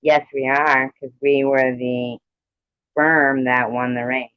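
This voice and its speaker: Slow, chatty man hosting a trivia stream. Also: medium pitch, level tone, clean tone, dry recording. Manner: chatty, teasing, scorekeeping aloud. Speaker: trivia livestream host. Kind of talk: casual livestream chat. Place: at home with a cat. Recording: dull, dry lo-fi stream audio.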